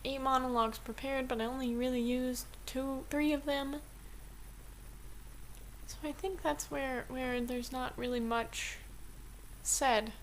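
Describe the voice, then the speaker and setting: Chatty young woman, higher voice. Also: a little hiss or hum. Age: young adult. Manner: chatty, rambling with many restarts and "like". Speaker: vlogger. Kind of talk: casual vlog chat. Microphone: camera mic.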